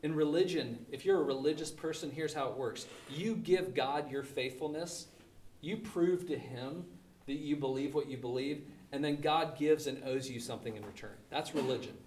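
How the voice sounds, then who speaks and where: A man's voice: fairly high pitch, normal speed, darkish tone, roomy sound, far from the mic, a little hiss or hum. A male pastor preaching a sermon in an emphatic, conversational way, full of rhetorical questions.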